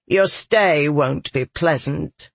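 Smug scornful sorceress, read by a man, husky and slow, dry close audio, audiobook. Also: fairly high pitch, no echo, exaggerated voice. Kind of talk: audiobook narration.

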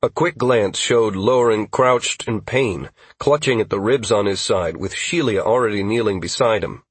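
Man, audiobook narrator, fantasy story, steady delivery, husky, dry close sound. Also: fairly low pitch, normal speed, no room sound.

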